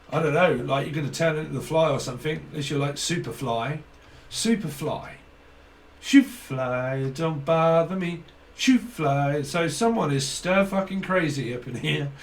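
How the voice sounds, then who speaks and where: A man's voice: fairly high pitch, vocal fry, recorded from a distance. A man giving a casual channelled tarot reading, rambling, swearing often and laughing between thoughts. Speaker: tarot reader.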